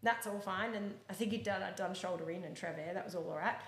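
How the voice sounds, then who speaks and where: Woman telling lively stories. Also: medium pitch, fast, roomy sound. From Australia. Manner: lively, laughs often, acts out voices. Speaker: guest, horse eventer. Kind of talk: animated storytelling in an interview.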